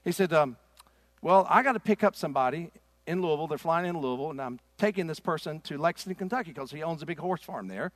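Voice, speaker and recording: A middle-aged man preaching a sermon in a church. His delivery is impassioned and swings from loud to hushed. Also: fairly high pitch, lively intonation, quick pace, no echo. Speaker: pastor. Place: church sanctuary.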